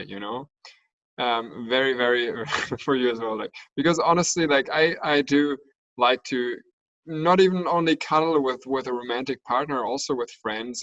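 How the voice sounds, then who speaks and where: A man's voice: mid-range voice, a bit bright, highs cut off. A man co-hosting a podcast, talking hesitantly in casual chat with many fillers. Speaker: podcast co-host.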